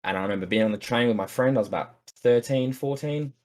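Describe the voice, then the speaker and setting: A man's voice: medium pitch, quick pace, darkish tone. An Australian man telling a story as a podcast guest, casual and rambling, swearing freely with lots of fillers.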